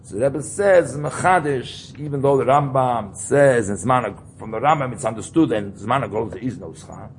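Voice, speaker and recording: A man's voice: medium pitch, moderate pace, few pauses, a little hiss or hum. A man teaching an informal Torah class, explaining ideas while he thinks aloud and repeats key terms.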